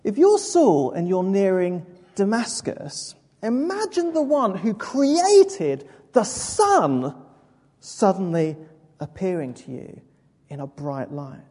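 A woman's voice: mid-range voice, slow pace, breathy edge. A woman preacher giving a sermon in a church, telling the story vividly and addressing listeners directly. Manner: vivid, expressive storytelling with asides. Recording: echoey hall with long reverb.

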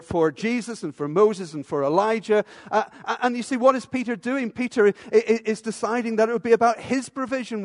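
A man's voice: high voice, in a large hall. A man preaching a sermon in a church, emphatic and full of rhetorical questions and repeated phrases. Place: church with a stage.

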